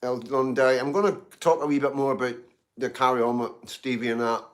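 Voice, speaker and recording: This Glasgow livestreamer has a steady, mid-range voice and talks fairly quickly as he reads comments from chat. It's a casual stream where he rambles on, repeats himself, and keeps saying "you know what I mean," pausing to eat and drink tea.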